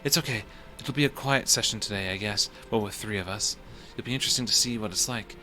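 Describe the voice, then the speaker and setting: A man's voice: on the low side, quick pace, bright, forceful tone, slight background noise. A man voicing a friendly, upbeat teenage schoolgirl who chats casually. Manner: chatty, casual.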